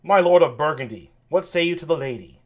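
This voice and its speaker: A man doing a soft-spoken, confident king. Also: a little high, lively intonation, brisk. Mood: dignified.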